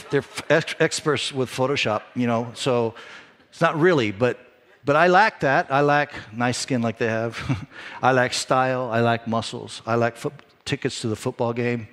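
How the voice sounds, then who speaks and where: A man preaching a sermon as a pastor, in a lively, conversational way with self-deprecating asides. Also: mid-range voice, long reverb tail.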